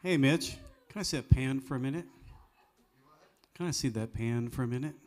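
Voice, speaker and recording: A man's voice: medium pitch, moderate pace, a little mellow. Guy hosting a live cafe gig, earnest folksy storyteller, kinda preachy, cracks jokes, medium voice. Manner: earnest, emphatic, jokey asides. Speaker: host of a live music night. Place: live cafe music venue.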